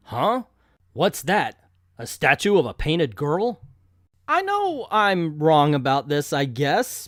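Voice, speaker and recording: Male comic reviewer, casual and jokey, full of self-mocking asides, lively pitch, close dry sound. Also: no echo. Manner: joking, self-deprecating asides. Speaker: comic book video reviewer. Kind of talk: casual commentary reading a comic aloud.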